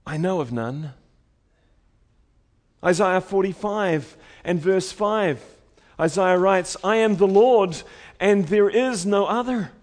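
A man preaching a sermon with emphasis, repeating key lines and swinging from loud declarations to hushed, soft phrases. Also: sits high, slow.

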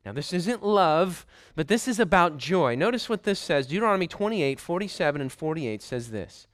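A man preaching with an emphatic, deliberate delivery, driving home points through repetition. His voice sits a bit high and comes through smooth and clear. The sound is dry and close, with no room echo. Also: very animated. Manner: emphatic, repeats phrases for stress. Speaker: pastor. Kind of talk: sermon.

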